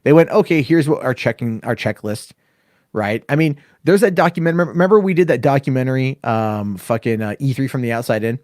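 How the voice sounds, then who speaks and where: A man's voice: mid-range voice, a little fast, dry recording, studio quality. A man hosting a casual podcast, telling a long story with plenty of swearing and acting out the other people's lines. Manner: profane, animated storyteller acting out dialogue. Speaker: podcast host.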